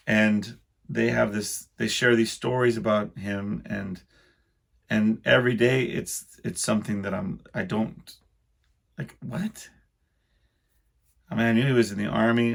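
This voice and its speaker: Gravelly-voiced man rambling solo. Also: fairly low pitch, level tone. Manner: rambling, self-deprecating, halting restarts. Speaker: podcast host. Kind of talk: casual solo monologue.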